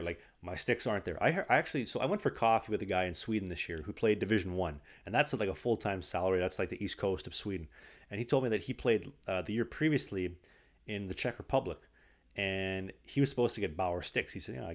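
A young man hosting a podcast, an animated storyteller who says "like" a lot in casual chat. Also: on the low side, a little fast. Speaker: podcast host. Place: small apartment.

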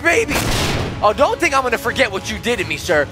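A middle-aged man giving goofy, excitable commentary while playing a video game, with sudden shouts and silly voices. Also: very high voice, quick pace, loud music behind the voice. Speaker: gaming channel host.

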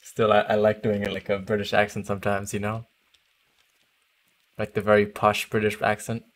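Young guy streaming a hunting game, slightly low voice, chatty and laughing a lot. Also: completely flat delivery, moderate pace. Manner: chatty, laughs easily, trails off and restarts. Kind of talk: casual gaming chat.

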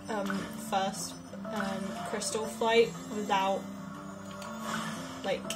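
A woman giving casual let's-play commentary, chatting and muttering to herself, with sudden loud frustrated outbursts. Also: medium pitch. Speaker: gaming video creator. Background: game music.

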